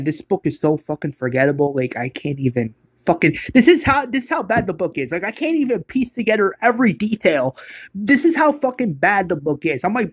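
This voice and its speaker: A man's voice: high-pitched, no room sound. A man giving a casual spoken book review, rambling and exasperated, stumbling over restarts and swearing.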